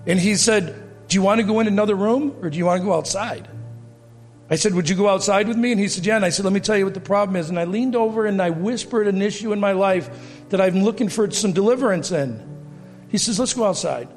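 Animated fifty-something man testifying in a church hall. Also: sits high, fast. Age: 50s. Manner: animated storytelling, acting out quoted dialogue, laughing at himself. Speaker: guest speaker giving testimony. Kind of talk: testimony and preaching to a congregation. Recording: reverberant hall with faint music.

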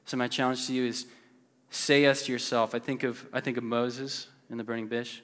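Long hall reverb and faint music fill this recording of a man preaching in a church sanctuary. His mid-range voice is a bit bright, level in tone and fairly quick, and he talks conversationally with lots of fillers, playful at some moments and earnest at others.

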